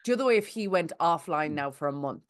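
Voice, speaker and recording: Wry low-voiced woman podcaster. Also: lively intonation, fast. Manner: wry, reflective commentary. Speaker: podcast co-host. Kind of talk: casual chat.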